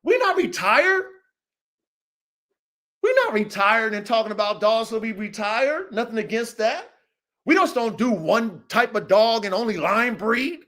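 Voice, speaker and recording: Fiery high-voiced man ranting on a livestream. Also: normal speed, fairly bright tone. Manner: fiery, repetitive, swears a lot, keeps saying "O G". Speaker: dog breeder and podcast host. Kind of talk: heated livestream rant. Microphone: livestream mic.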